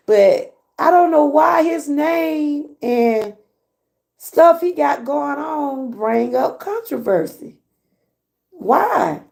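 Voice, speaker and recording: A woman's voice: sits high, gravelly, a little mellow. A woman with a Southern US accent hosting a casual livestream, chatty, laughing often and talking back to her chat. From Georgia, US. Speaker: livestream host.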